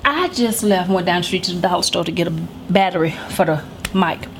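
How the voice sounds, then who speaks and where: A woman's voice: on the low side, brisk, vocal fry, slight background noise. A middle-aged woman hosting a podcast, telling a comedic story in a blunt, emphatic and heavily profane way. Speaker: podcast host. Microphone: studio microphone.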